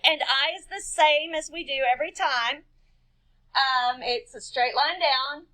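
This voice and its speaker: Woman teacher with a high voice for a children's writing lesson: patient and slow, spells words letter by letter. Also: bright, forceful tone. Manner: asks children questions and answers them herself. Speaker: kindergarten-level teacher.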